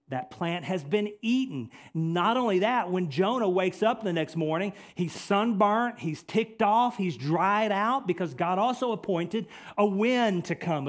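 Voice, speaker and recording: A male pastor preaching a sermon, repeating key phrases and swinging between forceful emphasis and hushed, earnest passages. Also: high voice.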